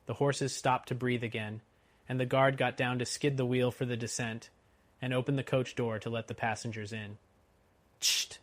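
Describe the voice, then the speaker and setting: A man narrating a classic novel as an audiobook in a steady, expressive reading. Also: medium pitch, moderate pace, no room sound. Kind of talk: scripted narration.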